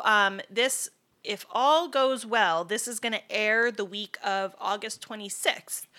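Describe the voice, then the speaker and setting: A woman's voice: medium pitch, pushed and bright. A woman hosting a podcast in easygoing casual chat. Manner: easygoing, with many "yeah" and "um" fillers. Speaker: podcast host.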